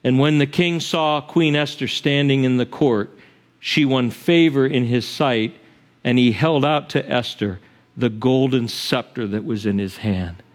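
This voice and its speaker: A man's voice: mid-range voice, measured pace. A male pastor preaching a sermon, retelling a story animatedly and acting out its characters.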